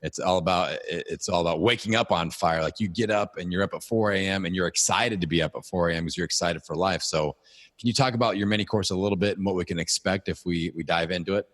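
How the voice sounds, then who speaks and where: Deep-voiced encouraging podcast host. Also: male voice, quick pace, fairly bright tone. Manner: encouraging, thoughtful. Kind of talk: casual podcast interview.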